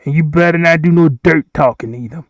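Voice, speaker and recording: A man's voice: on the high side, brisk, no room sound, dull audio. A man hosting a rambling solo livestream, repeating himself and pleading with the countries he addresses. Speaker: livestream host.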